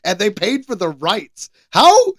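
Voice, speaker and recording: American male co-host, slightly high voice, jokey quips, dry close sound. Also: wildly swooping pitch, unhurried, fairly bright tone, no room sound. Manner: joking, wisecracking asides. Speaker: podcast co-host. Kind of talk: casual podcast banter.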